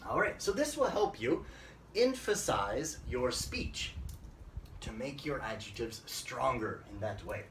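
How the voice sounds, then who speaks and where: A man's voice: medium pitch, unhurried. A man teaching an English grammar lesson, switching into Japanese to explain and often checking with "right?". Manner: lively, repeats phrases and asks "right?" often. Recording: echoey room, mic at a distance, faint noise.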